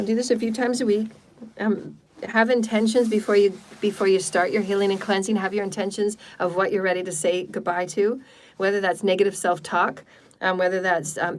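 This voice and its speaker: Woman healer repeating phrases. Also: mid-range voice. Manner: repeats words and phrases in runs; speaks in chanted syllables. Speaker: spiritual healer. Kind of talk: guided healing meditation and live chat. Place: home livestream.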